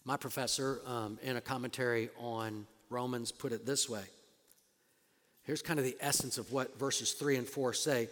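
A man preaching a sermon as pastor, swinging between loud emphatic declarations and quiet, conversational asides with fillers and restarts. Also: medium pitch, steady tone, moderate pace, big-room sound.

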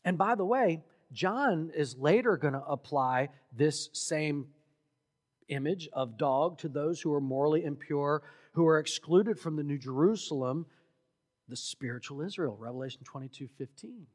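A man preaching a sermon as pastor, emphatic and building to loud exhortation. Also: a little high, expressive, normal speed. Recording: long hall reverb.

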